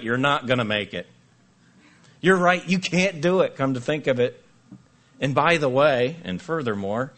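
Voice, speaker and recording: Animated man preaching a sermon. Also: medium pitch. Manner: animated, jokey, acts out voices. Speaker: pastor.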